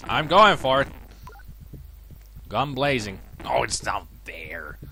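A gravelly male gamer whose pitch swings widely as he grumbles and then erupts into shouted curses. He talks slowly and drags his words, and his voice has a bright, edgy tone. Faint retro game music plays underneath. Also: very animated, a little hiss or hum. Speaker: let's play gamer. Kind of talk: frustrated gameplay commentary.

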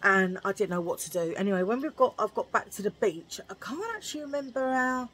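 A woman vlogger chats casually to her viewers, drifting into rambling stories and laughing at her own jokes. Her voice has a husky, breathy texture at a medium pitch. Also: lively intonation, brisk, fairly bright tone. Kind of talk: chatty vlog storytelling.

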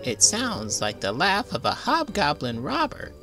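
A man voicing frightened little mole sisters in a squeaky, anxious storybook voice. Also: huge pitch swings, measured pace, pushed and bright, soft background music, heavily acted.

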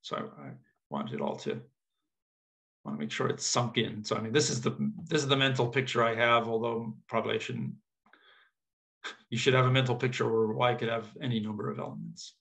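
A man's voice: medium pitch, a little fast, creaky, fairly bright tone. A man giving an informal mathematics lecture, thinking aloud with casual asides and checking that his audience follows.

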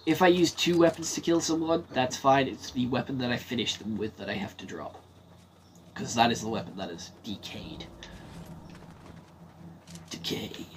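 A man's voice: mid-range voice, normal speed, pauses often, slight background noise. Swearing male gamer talking to himself. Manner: swears freely, talks to himself while playing. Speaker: gaming streamer. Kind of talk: casual gameplay commentary.

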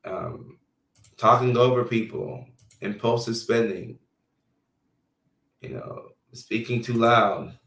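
A man hosting a casual live stream as a health care provider, reading viewer comments out loud in a loose, chatty way full of fillers. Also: medium pitch, takes it slowly, vocal fry, long pauses. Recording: roomy sound from a distant mic.

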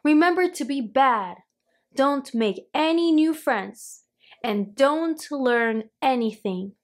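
A woman's voice: sits high, lively intonation, slow, pitched above the performer's own voice. A woman voicing a mean, bossy mother witch in a read-aloud storybook. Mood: shrill.

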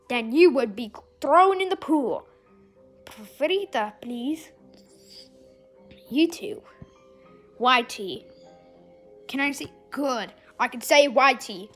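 High, lively young female gamer. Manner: excitable, shrieks and exclaims often. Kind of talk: gameplay commentary.

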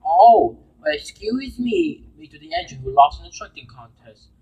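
Guy doing a bossy lady train engine, cross and snippy, voice pitched way up and swinging around, kinda husky. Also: big pitch swings, moderate pace, dark tone, muffled recording, heavily acted. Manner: snappy, sarcastic. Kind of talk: amateur fan story voice acting.

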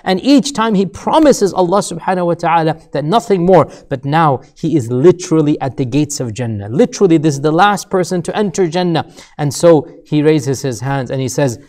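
A man delivers a sermon-style lecture in a fairly high voice. He tells the story with growing emphasis, repeats key words as he builds up, and turns to his listeners with direct rhetorical questions. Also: animated, normal speed, darkish tone. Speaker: Islamic lecturer.

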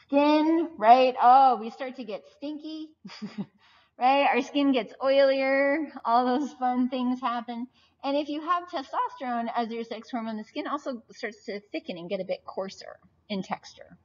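A woman lecturer in her forties with a slightly high voice, talking students through the material in an easy, chatty way. She keeps checking in with a quick "right?". The audio is a little dull and lo-fi. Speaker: anatomy lecturer. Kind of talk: recorded lecture.

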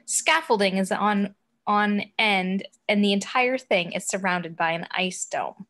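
A woman reads out the action descriptions of a script. Her tone is even and matter-of-fact, her voice mid-pitched. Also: a little slow. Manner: plain, matter-of-fact reading. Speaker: narrator of stage directions. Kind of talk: reading a script aloud.

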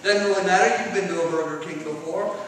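A middle-aged man giving an animated storytelling talk at a conference, sometimes shouting out parts of his stories. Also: high-pitched, fast talker, slight background noise. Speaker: conference speaker. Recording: echoey hall from far off.

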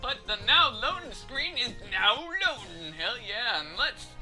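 A man's voice: very high voice, sing-song, unhurried, over music. A man giving casual, jokey commentary while playing a video game. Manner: jokey, goofy. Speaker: let's play host.

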